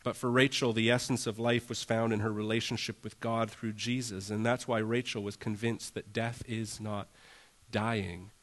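A man's voice: on the low side, level tone, moderate pace, fairly bright tone. Earnest casual male pastor preaching. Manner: earnest, casual, says "like" often, acts out prayers in a raised voice. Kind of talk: conversational sermon.

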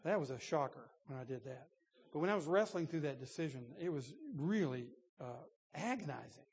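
A man in his sixties delivers a sermon with a slightly higher voice than usual and a husky edge. He talks in a loose, conversational storytelling way, with restarts and chuckles. His voice rings with a long reverb, as in a big church hall. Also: expressive, brisk, a little mellow. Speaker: pastor. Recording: long reverb in a large room.

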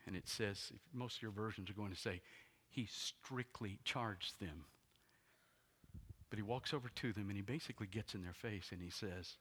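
A male pastor preaching a sermon dramatically, swinging between hushed whispers and loud exclamations. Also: fairly low pitch, measured pace, long pauses, slightly rough.

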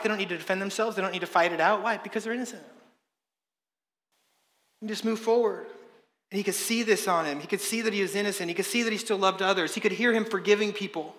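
High, bright-voiced preacher in an echoing hall. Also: male voice. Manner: passionate preaching, rising and dropping in loudness. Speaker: pastor. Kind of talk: sermon. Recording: echoey hall reverb.

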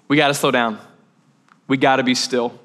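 A man's voice: medium pitch, level tone, moderate pace, a bit bright. A young man preaching a sermon as pastor, conversational and joking, with off-the-cuff asides.

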